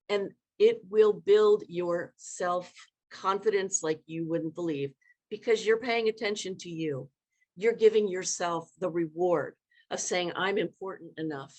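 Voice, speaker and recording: A woman leadership coach giving a live online workshop talk, demonstrating vocal inflections in an animated way. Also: medium pitch.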